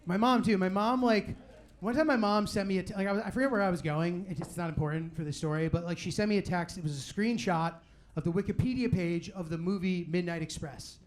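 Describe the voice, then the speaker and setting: A young man doing a live stand-up set, talking in a loose, rambling way full of "like" and "you know what I mean," and acting out quick quotes of other people. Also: sits high, a little hiss or hum. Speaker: stand-up comedian. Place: live comedy venue with audience.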